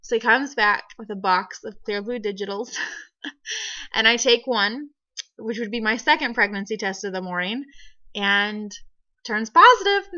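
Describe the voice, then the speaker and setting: Young female vlogger, bright, forceful voice; chatty, giggly storyteller. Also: on the high side, normal speed. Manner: giggly, animated, frequent laughs. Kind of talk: casual storytelling vlog. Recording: dull lo-fi home video audio.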